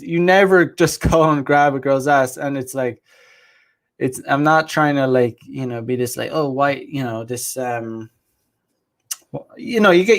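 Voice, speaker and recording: A man at a medium pitch hosting a casual livestream, reacting to viewer comments. He talks bluntly and rambles, throws in crude slang, and often breaks off to restart a thought. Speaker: host.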